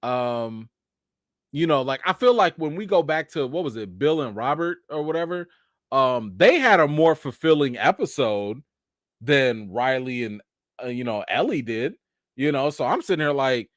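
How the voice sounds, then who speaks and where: Animated man chatting casually. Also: a little high, moderate pace, no echo, clean studio sound. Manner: animated, joking, loose slangy talk. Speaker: TV show reaction host. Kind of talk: casual live-stream chat.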